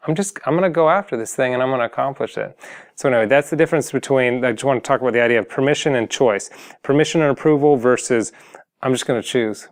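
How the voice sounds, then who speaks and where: A man talks earnestly to his viewers as a singing coach, steering them off the hunt for approval. His voice is smooth and resonant, set at an ordinary middle pitch. He speaks loosely, stopping short and starting over as the thought comes. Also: fast talker. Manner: earnest, motivational, full of fillers and restarts. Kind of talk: casual talk to camera.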